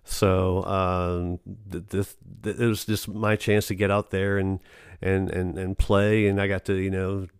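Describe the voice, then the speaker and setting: A man's voice: deep voice, flat delivery, unhurried, smooth, dry recording, clean studio sound. A man, an actor telling stories in a casual interview, rambling with many restarts and fillers.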